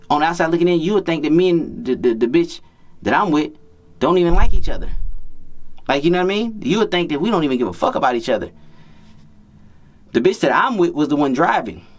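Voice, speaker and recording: Slangy, profane male dating coach. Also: a little high. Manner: slangy, profane, repetitive street talk. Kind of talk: casual storytelling to camera.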